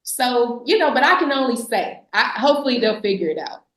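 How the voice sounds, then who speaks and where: A woman with a fairly high voice speaks bluntly and sarcastically, pressing her points with emphasis and laughing often. She talks in a casual interview. The recording has a noticeable room echo. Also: expressive, fairly quick, fairly bright tone. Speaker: podcast guest, business founder. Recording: echoey room.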